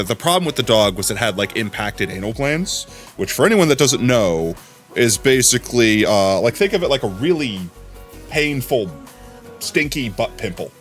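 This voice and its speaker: A man's voice: mid-range voice, fairly bright tone. A man chatting casually on a live stream, rambling from topic to topic and laughing often.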